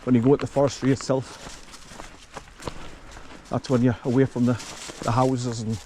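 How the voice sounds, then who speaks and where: A man's voice: medium pitch, little pitch movement, normal speed, mellow, a little hiss or hum. A man chatting casually to camera while walking his dog outdoors, breaking off to call the dog. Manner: chatty, talks to his dog between remarks. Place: outdoors on a rural walk.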